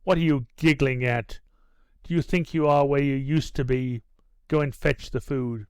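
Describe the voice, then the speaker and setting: A man's voice: mid-range voice, steady tone, normal speed, smooth, dry recording, lightly acted. A man reading a stern, scolding nursing sister. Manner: sharp, scolding.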